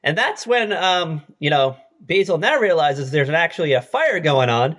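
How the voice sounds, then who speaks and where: A man's voice: a little high, animated, normal speed, fairly bright tone. A man co-hosting a podcast, casually recapping a TV episode, laughing often and swearing freely. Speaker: podcast co-host.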